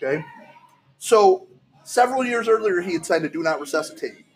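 A man's voice: high voice, a little fast. A man co-hosting a casual podcast, reading out strange news stories and acting out the quotes with lots of laughter. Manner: animated storyteller, laughs often, acts out quotes. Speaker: podcast co-host.

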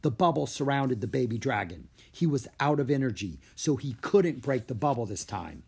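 A man narrating a children's story in an animated storybook way. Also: mid-range voice, moderate pace, vocal fry, breathy edge.

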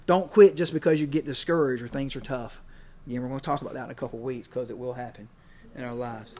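Casting: male preacher, mid-pitched, chatty and unpolished, leans on "you know", tells homespun stories. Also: steady tone, quick pace, warm tone. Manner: conversational, many fillers, gets emotional. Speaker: preacher and PE teacher. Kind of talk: sermon.

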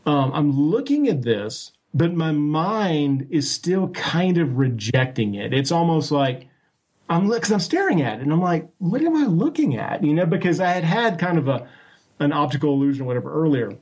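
A man telling a story as an interview guest, animated and full of restarts and acted-out quotes. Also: fairly high pitch, normal speed. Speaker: guest recounting a sighting. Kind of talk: casual storytelling.

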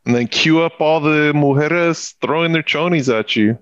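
A man's voice: a little high, moderate pace, a bit bright, no echo, highs cut off. A man hosting a podcast, pushing and teasing his co-host in profane casual banter, laughing often. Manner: pushy, teasing, swears freely, laughs often.

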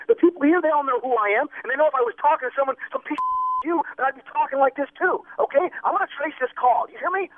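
A man with a very high, animated voice stammers and repeats himself, flustered. He comes through a tinny, dry phone line. His pitch swings widely as he talks. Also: no echo. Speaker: store worker on a prank phone call. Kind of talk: phone conversation.

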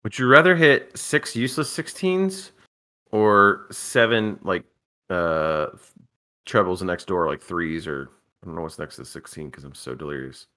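Sleepy low-voiced wisecracking man. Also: lively intonation, a little slow, bright, forceful tone. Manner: drowsy, wisecracking. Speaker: podcast co-host. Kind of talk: casual chat.

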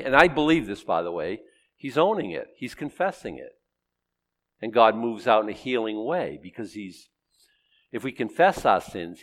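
A man delivers a sermon in a relaxed, conversational way. His voice sits at an ordinary middle pitch. He poses questions to himself, answers them, and gives quoted lines a tone of their own. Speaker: preacher. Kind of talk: sermon, Bible teaching.

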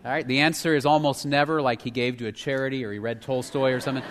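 A male pastor preaching a sermon, shifting between emphatic, loud passages and hushed, near-whispered lines. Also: medium pitch, fairly even intonation, fast talker, slight background noise. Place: church sanctuary. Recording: long hall reverb.

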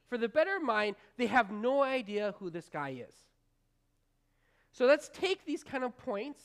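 Woman pastor, a bit high-pitched, informal conversational preaching, rambles and restarts, addresses the congregation directly. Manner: folksy, talks straight to the congregation. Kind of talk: conversational sermon.

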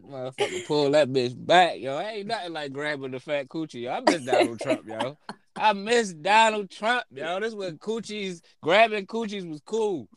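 A man's voice: high-pitched, lively intonation, normal speed. A man trading crude jokes and slang in a casual podcast chat. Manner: crude, joking, heavy slang.

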